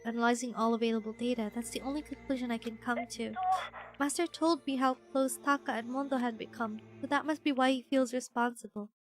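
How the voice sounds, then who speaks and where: A woman voicing a gentle, earnest male computer program in a game, speaking quietly and analytically. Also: on the high side, steady tone, fairly quick, faint music behind, natural voice.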